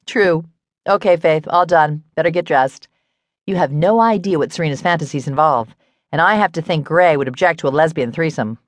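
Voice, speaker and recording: A woman's voice: low-pitched, normal speed, dry recording, close to an everyday voice. A woman voicing a nosy, teasing woman who works as a stylist, with a playful, prying manner, in an audiobook.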